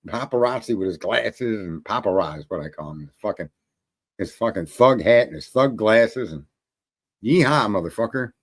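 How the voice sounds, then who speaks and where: A middle-aged man telling a long story in a crude, swaggering, casual way, swearing often and laughing at his own jokes. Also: sits low. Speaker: show host telling a story.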